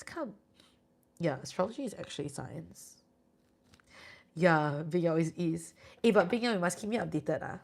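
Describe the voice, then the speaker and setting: A woman's voice: on the low side, creaky, darkish tone. A Singaporean woman doing tarot readings on a live stream, chatty and reassuring with viewers. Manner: chatty, reassuring, sprinkles "lah". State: sleepy, yawning.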